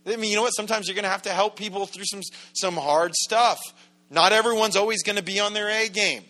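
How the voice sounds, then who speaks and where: A man's voice: high voice, steady tone, fast, pushed and bright. A man preaching a sermon as pastor in a church, in a conversational, joking way that acts out quoted voices. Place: church sanctuary.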